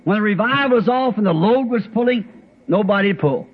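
A man's voice: high voice, expressive, fairly quick, slightly rough. A man preaching a sermon, telling a testimony in a folksy, rambling way with plain rural grammar. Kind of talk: sermon storytelling. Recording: dull lo-fi old recording.

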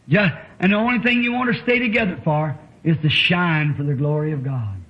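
A male preacher, leading a healing service and pleading with his congregation in a fervent, drawn-out way. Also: high voice. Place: church hall. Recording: echoey, dull old church recording.

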